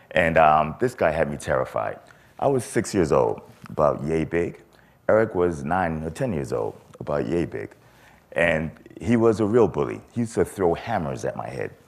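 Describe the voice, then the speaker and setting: A man with an extremely deep, low voice speaks from a convention stage. He tells a story in an animated way, acting out the voices of the people in it. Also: vocal fry. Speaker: conference speaker. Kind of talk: storytelling talk.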